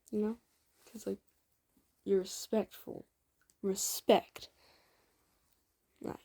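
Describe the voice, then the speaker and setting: A woman's voice: medium pitch, level tone, slow pace, pauses often, dark tone, husky. A woman improvising a fan-fiction story, rambling casually with many asides and fillers. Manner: rambling, lots of "like", self-commenting.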